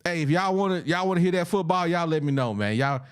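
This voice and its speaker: A man hosting a sports podcast in casual banter, loud and slangy, laughing often. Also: a little high, lively intonation, quick pace, clean tone. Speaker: podcast host.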